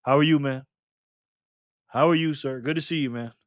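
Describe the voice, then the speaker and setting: A man's voice: mid-range voice, steady tone, normal speed, no echo, clean studio sound. A man hosting a casual live stream, greeting chat members by name and teasing them in a playful way.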